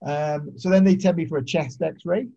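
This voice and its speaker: A man's voice: fairly high pitch, moderate pace, mellow. A man who referees rugby, telling blunt, sweary stories over a video call. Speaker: rugby referee, podcast regular. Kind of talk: casual storytelling chat. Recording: muffled lo-fi video call audio.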